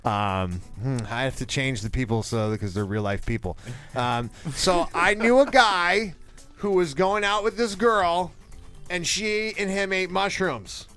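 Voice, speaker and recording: A man telling a wild story in casual chat, animated and profane and laughing as he goes. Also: sits high, measured pace, smooth, faint music behind.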